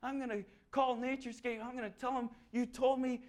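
Preacher doing irate homeowner bit: high, shouted, indignant. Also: male voice, little pitch movement, a little fast. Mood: indignant threatening. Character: big, angry male homeowner yelling. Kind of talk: sermon anecdote.

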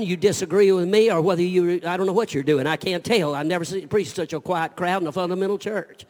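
A man preaches a fiery revival sermon from a church pulpit, his voice pitched fairly high. He swings between loud, pressing preaching and hushed storytelling. The sound rings with the long reverb of a big church hall. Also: fast, hardly any pauses. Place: church sanctuary.

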